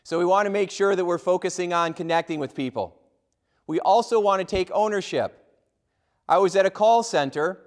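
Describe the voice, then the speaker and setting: A middle-aged man giving a humorous motivational keynote, telling lively stories and acting out the voices of people in them. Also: fairly high pitch. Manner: lively, acts out quoted voices. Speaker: motivational speaker.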